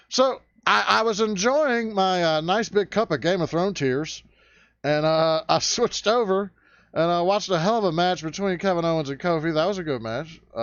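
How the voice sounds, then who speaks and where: Man, high voice, gravelly fry, crude sarcastic rant, dry lo-fi sound. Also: expressive, normal speed, fairly bright tone, dry recording. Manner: crude, sarcastic, fired-up ranting. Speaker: vlog host ranting. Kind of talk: profane rant vlog. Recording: dull, lo-fi dry recording.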